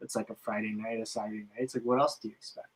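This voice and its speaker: A man's voice: fairly low pitch, flat delivery, racing, breathy edge, rough recording. A man, a casino dealer, chatting and laughing through his work stories. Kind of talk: casual chat.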